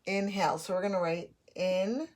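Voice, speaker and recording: A woman teacher giving a slow, patient phonics lesson to young children, spelling out letters as she goes. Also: mid-range voice, lively intonation.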